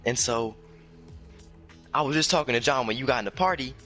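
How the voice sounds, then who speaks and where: A young man telling a casual story time, animated and full of profane slang, jumping up high when he quotes himself. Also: a little fast, soft background music. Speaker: storyteller guest.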